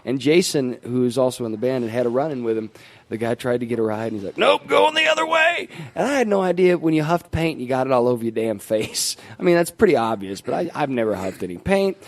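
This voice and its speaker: A male comedian telling stories in a casual podcast interview, animated and slipping into voices. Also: mid-range voice, quick pace. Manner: storytelling, animated, slips into voices. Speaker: comedian and musician.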